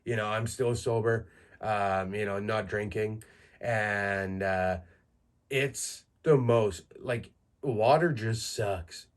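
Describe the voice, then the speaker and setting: With a lowish voice and slow pace, a Canadian man in his thirties hosts a podcast, laughing through a casual monologue of crude stories at his own expense.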